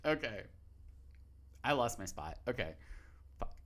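A man's voice: mid-range voice, very animated, a little slow, a bit bright. A man casually reading a movie synopsis aloud as a podcast host, swearing, rambling off on tangents and laughing between lines.

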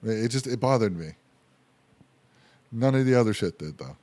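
A man's voice: on the low side, lively intonation, normal speed, a little mellow. A man co-hosting a podcast in casual chat, opinionated and ranting, swearing freely. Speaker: podcast co-host.

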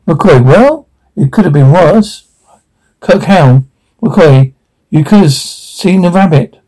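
A man reading the part of a wry, grumbling ship's doctor in a dry, halting way. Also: fairly high pitch, animated, warm tone, breathy edge, exaggerated voice, low-quality recording.

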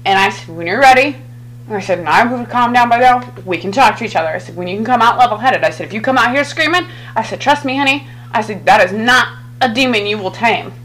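A woman's voice: on the high side, animated, fast talker, fairly bright tone, poor audio. A woman hosting a podcast in casual chat, talking bluntly and swearing freely. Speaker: podcast host.

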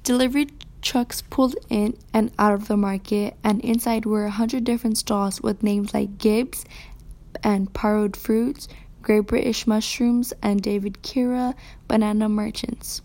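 A woman reading a novel aloud in a soft, half-whispered way, with her own commentary. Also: mid-range voice, little pitch movement, measured pace. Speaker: student reader.

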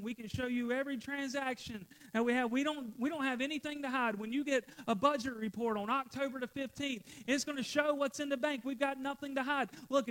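A man's voice: very high voice, a bit bright. A male pastor preaching a sermon to his church, repeating phrases for emphasis and getting out of breath.

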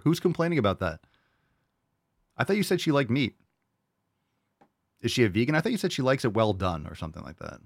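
A man's voice: on the low side, big pitch swings, fairly quick, long pauses, no room sound, studio quality. A man hosting a podcast and answering listener questions in casual chat, blunt and profane, mocking with disbelief. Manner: blunt, profane, mock-incredulous.

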